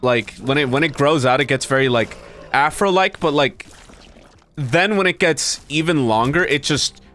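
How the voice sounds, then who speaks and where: Over a slight hiss or hum, a man with a somewhat high voice talks at a moderate pace while streaming a game. He's animated, curses a lot, and keeps laughing as he gripes to viewers about how his run is going, all in casual commentary.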